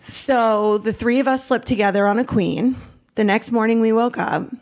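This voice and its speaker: A middle-aged woman, a podcast guest, telling a raw personal story in a rambling, animated way, acting out what each person said. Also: a little high, moderate pace. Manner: rambling, animated retelling with quoted dialogue.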